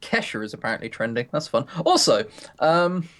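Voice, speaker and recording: A man's voice: mid-range voice, very animated, moderate pace, a bit bright. Teasing, laughing male streamer. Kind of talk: casual live-stream chat.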